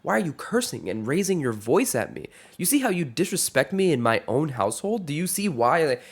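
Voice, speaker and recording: Man putting on a loud, indignant dad. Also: a little high, sing-song, a little fast, husky, voice pushed up, exaggerated voice. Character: defensive shouting middle-aged father.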